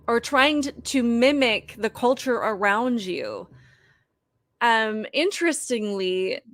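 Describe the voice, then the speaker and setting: A woman's voice: fairly high pitch, fairly bright tone, dry recording. Woman giving opinionated commentary, dry sound. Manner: earnest, brisk, talks straight to viewers. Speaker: political commentary host.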